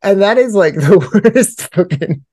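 A man's voice: sits high, animated, a little slow, darkish tone. A man co-hosting a podcast in casual, profane banter, laughing often as he talks. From United States. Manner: laughs often, swears freely. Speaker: podcast co-host.

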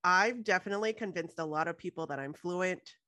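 Relaxed woman podcast host. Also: on the low side, a little fast, dry recording. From Houston, Texas. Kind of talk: casual podcast interview.

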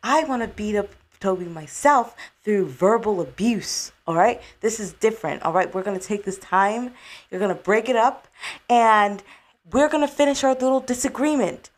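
A woman's voice: medium pitch, normal speed. A woman hosting a comedic podcast skit, sassy, theatrical and exasperated. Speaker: podcast host.

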